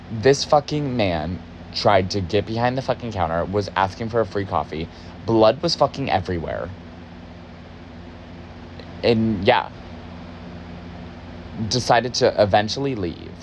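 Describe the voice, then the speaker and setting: A man's voice: lowish voice, slight background noise. A young man telling a story in a casual, agitated way, cursing often for emphasis. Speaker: podcast host, former barista.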